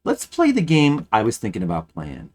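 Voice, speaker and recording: A man's voice: medium pitch, wildly swooping pitch, normal speed, a little mellow. A man streaming games, chatting casually and thinking aloud, rambling with frequent restarts. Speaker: game streamer. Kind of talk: casual live-stream chat.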